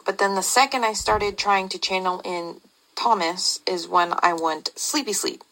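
A woman's voice: medium pitch, normal speed, bright, forceful tone, low-quality recording. A woman speaking in a blunt, casual way, swearing freely.

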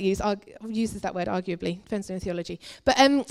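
A woman's voice: medium pitch, very animated, unhurried. Earnest woman preaching a testimony. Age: young adult. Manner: earnest, confessional, swings between forceful and hushed. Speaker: guest preacher. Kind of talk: personal testimony sermon. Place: church.

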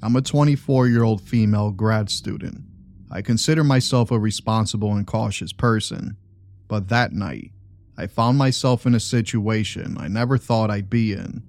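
Low, mellow-voiced male story narrator. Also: moderate pace, slight background noise. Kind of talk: scripted first-person narration.

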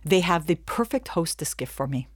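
A middle-aged woman teaching a webinar in an animated, chatty way, slipping into quick snatches of dialogue. Her voice sits on the low side for a woman. The recording is close and dry, with no room sound. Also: husky, no room sound. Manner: animated, acts out little dialogues with laughs. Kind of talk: lively talk to an audience.

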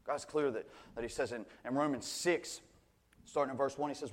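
A man preaching a sermon in an earnest way, often repeating words as he restarts phrases and slowing right down to stress key points. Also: medium pitch.

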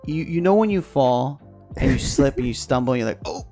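A man co-hosting a podcast, telling a profane, animated story in casual chat and acting out the voices. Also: mid-range voice, brisk, faint music behind. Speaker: podcast co-host.

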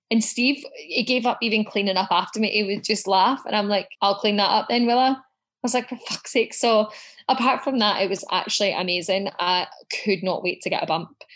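A woman as a podcast guest, telling stories in a lively way and swearing as she goes. Her voice sits in a middle pitch, and she acts out what she said back then with plenty of drama. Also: a little fast. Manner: animated storyteller, swears freely, acts out her own quotes. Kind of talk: casual chat.

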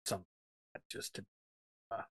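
Speaking slowly with a bright, forceful tone, this man co-hosts a casual podcast, rambling eagerly and leaning on plenty of fillers.

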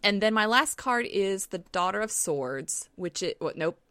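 A woman's voice: medium pitch, lively intonation, a little slow, sharp tone, no echo. A woman with a Southern US accent chatting casually about tarot decks, full of fillers and easy laughs.

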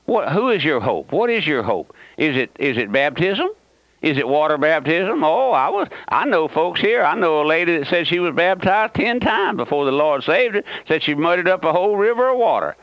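Male pastor, fervent radio preacher, pitch swings widely, muffled dry old broadcast sound. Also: big pitch swings, normal speed, dry recording. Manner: fervent, repeatedly questions the listener. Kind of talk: radio sermon.

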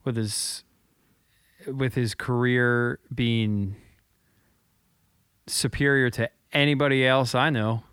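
A man co-hosting a podcast, telling a story in an earnest, reflective way, often halting and repeating his words. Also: mid-range voice, steady tone, a bit bright, smooth, no room sound, studio quality. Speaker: podcast co-host.

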